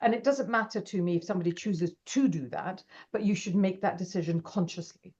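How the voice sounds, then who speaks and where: Woman, interview guest, animated storyteller, slightly low voice, muffled recording. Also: brisk, slightly rough. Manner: animated, acts out quoted dialogue. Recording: dull lo-fi audio.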